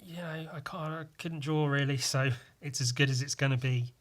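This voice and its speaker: A man's voice: a little high, steady tone, normal speed, a bit bright. A young man casually talking over his old comic, self-mocking and swearing. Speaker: vlogger. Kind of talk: casual commentary.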